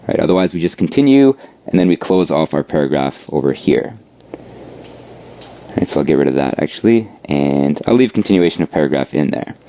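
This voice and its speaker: Low, mellow-voiced male coding teacher. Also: no room sound. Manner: relaxed, explanatory, frequent "right?" check-ins. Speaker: coding instructor. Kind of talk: screen-share coding lesson.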